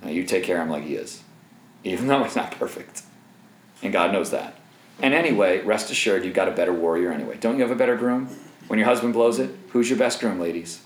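A man in his thirties preaching a sermon in an animated, joking way, with asides to the crowd. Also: lowish voice, quick pace, echoey room, low-quality recording. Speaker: pastor.

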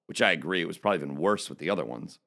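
A man's voice: low-pitched, lively intonation, very fast, gravelly, pushed and bright. A man giving an indignant opinion monologue as a political commentator, speaking emphatically. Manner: emphatic, indignant, reads quotes aloud.

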